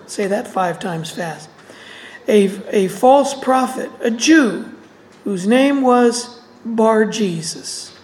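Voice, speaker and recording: A woman's voice: on the high side, expressive, takes it slowly, a little mellow, poor audio. A woman teaching through a Bible passage, reading verses aloud and explaining them with casual asides.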